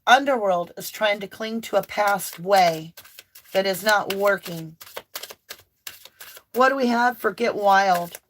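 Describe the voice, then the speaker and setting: A woman's voice: medium pitch, slow, long pauses, slight background noise. A woman giving an impassioned, preachy tarot reading full of emphatic declarations. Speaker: tarot reader. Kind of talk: spiritual tarot reading monologue.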